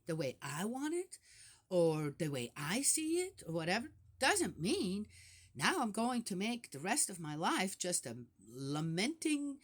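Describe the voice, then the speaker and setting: A woman's voice: mid-range voice, husky. An older woman hosting a casual Bible commentary, chatting through verses with frequent rhetorical asides and laughs. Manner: laughs often while talking. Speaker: Bible study host.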